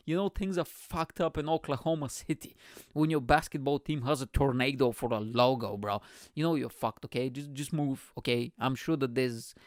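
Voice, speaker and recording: A man's voice: mid-range voice, normal speed, no echo, studio quality. A man from Bulgaria hosting a podcast, delivering a rambling, profane comedic monologue with lots of energy. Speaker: podcast host.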